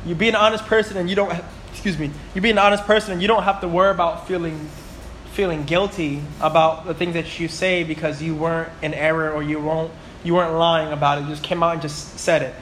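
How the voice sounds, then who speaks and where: A man's voice: a little high, fairly even intonation, quick pace, a bit bright, slight background noise. A man in his twenties teaching a Bible class, chatty and full of stories, often asking "right?" and "you know?". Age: 20s.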